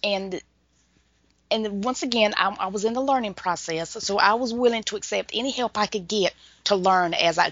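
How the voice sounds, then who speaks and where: This is a woman with a Southern North Carolina accent, telling stories in an interview in a folksy, wandering way. Her voice sits mid-pitch. The recording is dry and a little muffled. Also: a bit bright, no room sound. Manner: folksy, rambling, laughs often. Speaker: author, guest. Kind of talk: casual interview chat.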